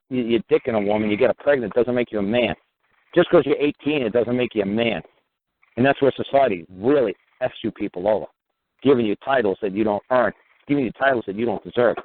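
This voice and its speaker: A man's voice: medium pitch, a little hiss or hum. A man hosting a call-in talk show, talking in a blunt, profane, colloquial ramble. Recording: tinny phone line.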